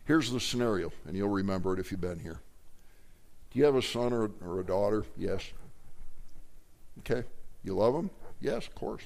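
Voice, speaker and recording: A man's voice: lowish voice, moderate pace, gravelly, long pauses. A middle-aged man teaching a Bible class, telling stories and acting out the voices of the people in them. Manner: animated storytelling, acting out quoted voices.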